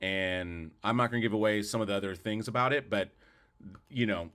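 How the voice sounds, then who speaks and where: This man's voice sits on the low side and sounds a bit bright, with a slightly quick pace. Co-hosting a podcast, he talks through films in a loose, opinionated way, repeating himself and starting sentences over.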